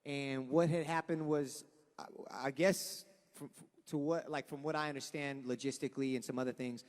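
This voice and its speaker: A man's voice: mid-range voice, steady tone, normal speed. A young man from Los Angeles, a band frontman giving an earnest, rambling, profane speech to a live crowd at an outdoor event. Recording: long echoing reverb from a sound system.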